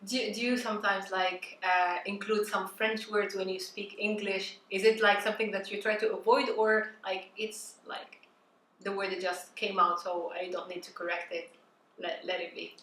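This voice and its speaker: A woman's voice: medium pitch, flat delivery, moderate pace, a bit bright, echoey room, rough recording. A woman from Tunisia interviewing a guest in a friendly, chatty way with many fillers. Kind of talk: casual interview.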